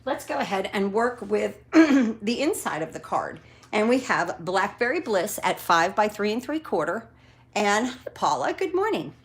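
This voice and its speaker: A chatty woman walks viewers through a card-making project at her craft table. She talks in a relaxed, encouraging way, dropping in fillers as she goes. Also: medium pitch, measured pace. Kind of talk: casual craft tutorial.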